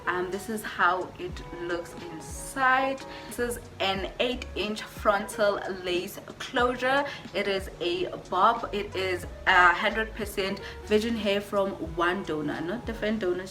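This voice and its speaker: A woman beauty vlogger doing a casual unboxing, gushing over each item and repeating her words as she talks to her viewers. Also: mid-range voice.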